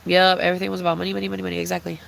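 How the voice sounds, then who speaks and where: A woman's voice: on the low side, completely flat delivery, racing, vocal fry, a bit bright, a little hiss or hum. A young woman streamer in casual chat, rambling and swearing with many fillers.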